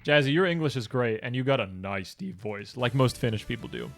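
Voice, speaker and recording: Young male streamer at mid pitch, casual and profane with faint game music behind him. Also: expressive, a little fast, fairly bright tone. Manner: casual, profane, chatty with viewers. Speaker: speedrunner streaming. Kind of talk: live gaming stream chat.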